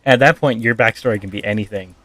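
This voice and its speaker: A man's voice: on the low side, quick pace, fairly bright tone. A man casually retelling a tabletop backstory as a streamer, rambling with lots of fillers.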